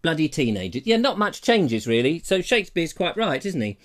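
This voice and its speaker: A man's voice: high-pitched, sing-song, moderate pace. A man hosting a live comic chat show, rambling playfully through jokey stories. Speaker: host.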